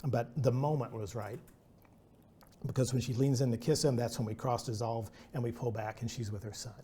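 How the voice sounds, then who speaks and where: A man's voice: medium pitch, fairly even intonation, a little fast, warm tone, slight background noise. A man giving a casual artist talk, rambling and self-deprecating, full of restarts and asides. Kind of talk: presentation talk with anecdotes.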